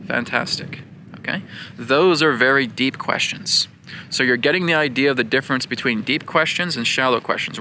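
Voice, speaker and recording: This spiritual teacher speaks at a moderate pace in a bright, forceful, medium-pitched voice, with slight hiss or hum in the audio. He earnestly repeats his points and keeps checking in with the people listening.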